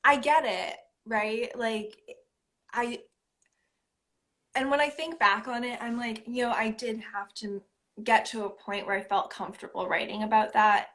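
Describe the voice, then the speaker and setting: A woman's voice: a little high, steady tone, unhurried, fairly bright tone. A woman poet being interviewed, speaking in a casual, reflective way with many fillers and light laughs.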